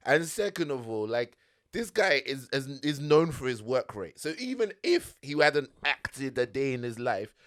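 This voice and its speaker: A man's voice: medium pitch, very animated, unhurried, a bit bright, no room sound, clean studio sound. Laid-back man, agreeing murmurs. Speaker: podcast co-host. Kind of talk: casual comedic chat.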